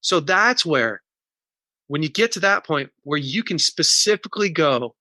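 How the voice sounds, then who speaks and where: Interview guest, male, bright and forward tone, candid, walks through his process step by step. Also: on the high side, animated, a little slow, dry recording. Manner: earnest, teaching in numbered steps; candid and emotional about personal pain. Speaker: podcast guest, recovery coach. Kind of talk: podcast interview.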